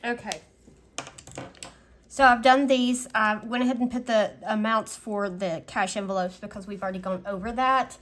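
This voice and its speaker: A woman's voice: medium pitch, steady tone, normal speed, a bit bright. A woman in a casual vlog, chatting through her weekly budget and thinking aloud with frequent fillers. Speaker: budgeting vlogger.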